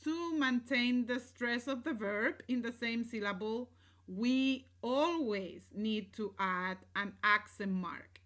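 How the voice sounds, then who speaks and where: A Spanish teacher with a fairly high, bright, clear voice records a grammar lesson slowly and patiently. She often checks that her students are following, pairing English explanations with Spanish example sentences.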